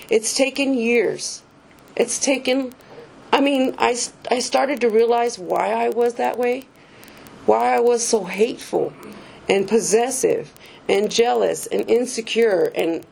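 A woman with a slightly high voice shares her own story in a casual, confessional way. She is candid and self-mocking, laughs at herself often and swears freely. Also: vocal fry, darkish tone. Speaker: speaker sharing a recovery story. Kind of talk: personal testimony, casual storytelling.

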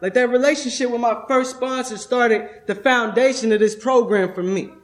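A man's voice: very high voice, fairly even intonation, normal speed. A young man speaking at a recovery convention workshop, streetwise and profane, tagging nearly every thought with "right?". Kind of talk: testimony-style workshop talk. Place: convention room.

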